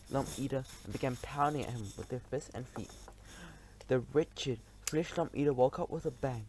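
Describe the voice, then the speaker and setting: A man narrating a children's story in an expressive, animated way, with small slips. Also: mid-range voice, moderate pace, a little hiss or hum. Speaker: audiobook reader.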